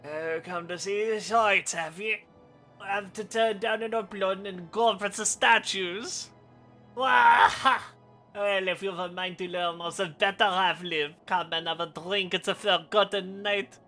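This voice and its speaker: Brief: streamer puts on a sneering French-accented drunk, slow drawl, bright tone. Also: medium pitch, fairly even intonation, faint music behind. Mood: mocking. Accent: put-on French. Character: drunken mocking Ishgard man. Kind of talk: reading game dialogue aloud.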